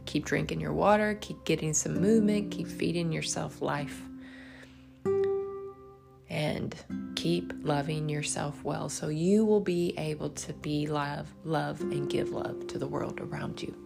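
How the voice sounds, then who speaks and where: A woman's voice: deep voice, fairly even intonation, measured pace, vocal fry, over loud music. A woman life coach and podcast host giving an earnest, encouraging faith-based motivational talk to her listeners.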